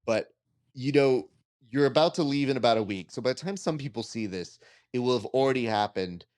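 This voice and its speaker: A man hosting a casual interview podcast, telling stories in an animated, joking way. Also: mid-range voice, fairly quick. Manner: animated joking storyteller, acts out quotes. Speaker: podcast host.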